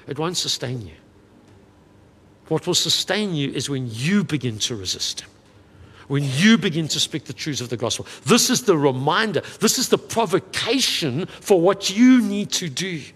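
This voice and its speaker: Male pastor with a high voice, earnest and conversational, mid-sermon in an echoing church hall. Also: fairly bright tone. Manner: earnest, conversational preaching with quick asides.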